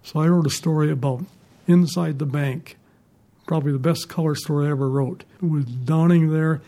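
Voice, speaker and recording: Older male ex-reporter, mellow and fairly high, chuckling raconteur. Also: steady tone, normal speed. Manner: rambling, chuckling anecdotes. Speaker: retired newspaper reporter. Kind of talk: storytelling in an interview.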